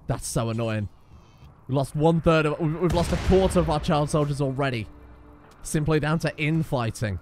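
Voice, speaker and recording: Male let's-player, sarcastic, exasperated, frequent swearing, slightly high voice. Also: normal speed, a little mellow, slight background noise. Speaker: gaming YouTuber. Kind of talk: let's play commentary.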